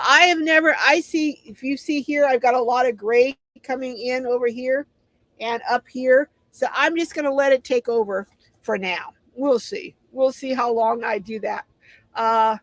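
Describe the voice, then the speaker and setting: A woman's voice: high voice, fairly bright tone, dry recording, rough recording. A middle-aged woman hosting a casual livestream, reading viewer comments aloud and answering them in a chatty way. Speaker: live stream host.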